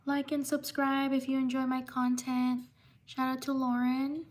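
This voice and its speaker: A woman hosting a livestream, reading viewer names in a slow, repetitive way. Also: sits high. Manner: slow, flat, repetitive listing with pauses. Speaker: livestream host. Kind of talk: reading out viewer shout-outs.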